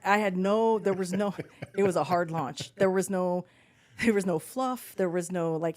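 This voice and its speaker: A woman podcast co-host telling stories in casual chat, animated and swearing, acting out quotes. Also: fairly low pitch, fairly quick.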